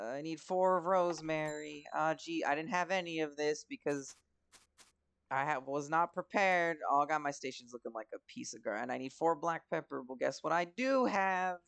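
A man's voice: a little high, measured pace, gravelly, fairly bright tone, clean tone, no room sound. A young man giving casual let's-play commentary, chatty, swearing and talking to himself as he plays. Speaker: gaming commentator.

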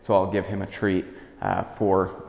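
A man working as a dog trainer, calmly explaining a demonstration and giving soft commands to a dog indoors in a house. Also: deep voice, unhurried, creaky. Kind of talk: instructional demonstration. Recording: echoey room with long reverb, dull lo-fi sound.

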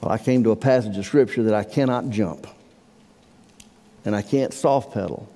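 A male pastor preaching a sermon in a church sanctuary, swinging from hushed, slow lines to near-shouted outbursts. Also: fairly low pitch. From Iowa. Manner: impassioned preaching, swelling to near-shouts on quoted words. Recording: long hall reverb.

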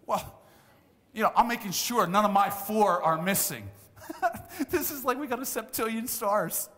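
Man in his 60s, pastor, high bright voice, long church hall reverb, chatty emphatic preaching. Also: animated, normal speed. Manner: conversational, emphatic preaching with asides and laughs. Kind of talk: sermon. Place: church sanctuary.

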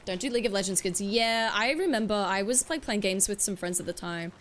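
A woman's voice: medium pitch, brisk, fairly bright tone, a little hiss or hum. A woman livestreaming a video game, chatting casually and swearing freely as she answers her viewers. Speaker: streamer.

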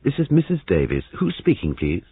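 A man's voice: deep voice, wildly swooping pitch, brisk, vocal fry, slightly rough, no echo, pitched above the performer's own voice, exaggerated voice. A man voicing an anxious young wife who runs a guesthouse, with a flustered, pleading manner, heard in a phone-like, lo-fi reading.

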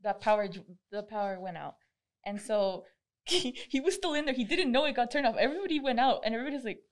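Young woman, somewhat high voice, lively anecdotes, casual podcast chat. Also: fast talker. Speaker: podcast co-host.

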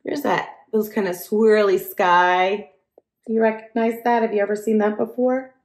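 A woman's voice: mid-range voice, fairly even intonation, normal speed. Chatty woman reading aloud to kids. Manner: chatty, asks listeners questions, laughs often. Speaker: teacher reading to children. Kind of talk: picture-book read-aloud.

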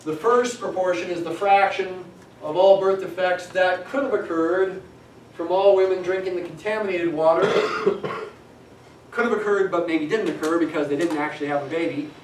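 Middle-aged male teacher, chatty and wry, slightly high voice, faint room noise. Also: steady tone, normal speed. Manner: chatty, digressive, dry humor. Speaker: statistics lecturer. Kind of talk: classroom lecture. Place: lecture classroom. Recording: echoey classroom from a distance.

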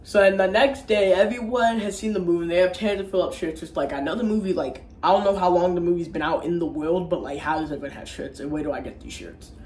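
A man's voice: high-pitched, quick pace, few pauses, a little mellow. A young man giving a casual, jokey, slang-heavy movie recap at home, rambling and dropping into silly voices. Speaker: movie reviewer. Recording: echoey room with faint noise.

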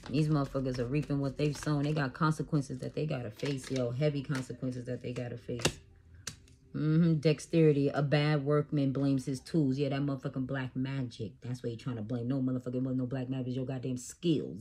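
Husky, profane woman reading tarot. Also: a bass voice. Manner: profane, animated, laughs a lot. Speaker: tarot reader. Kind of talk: casual tarot reading monologue.

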